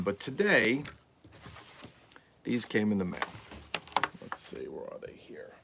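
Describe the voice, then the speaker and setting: A man's voice: fairly low pitch, gravelly, fairly bright tone, a little hiss or hum. A man talking casually and bluntly as he unboxes vintage toys, rambling and swearing freely. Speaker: toy collector vlogger.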